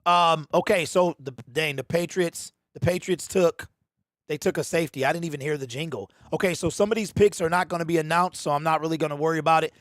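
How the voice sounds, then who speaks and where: A man hosting a casual fan livestream, animated and slangy, talking straight to his chat. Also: a little high, fast talker, no room sound, studio quality. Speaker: livestream host.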